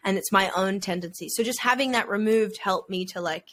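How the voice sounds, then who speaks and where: A woman's voice: mid-range voice, brisk, fairly bright tone, slight background noise. A woman, co-hosting a podcast in a chatty, casual way with lots of "like" fillers. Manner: chatty, frequent "like" fillers, bursts of laughter. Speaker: podcast co-host. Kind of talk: casual chat.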